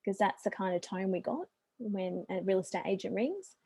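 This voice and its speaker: Brief: Australian woman, middle-aged business coach, warm mellow voice, chatty and upbeat, dry close sound. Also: medium pitch, fairly even intonation, brisk, creaky, breathy edge, no echo. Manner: chatty and upbeat, with friendly asides. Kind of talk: business presentation.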